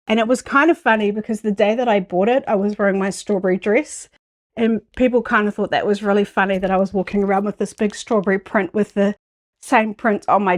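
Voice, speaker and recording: A woman vlogger chatting casually to camera about a quilting show, telling a story with lively acted-out quotes. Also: medium pitch. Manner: chatty and excited, acts out quoted voices.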